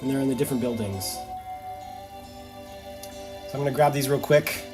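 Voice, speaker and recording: A man's voice: medium pitch, normal speed, over music. A man streaming a video game, playfully reading the on-screen text aloud and muttering to himself as he plays. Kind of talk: casual let's-play commentary.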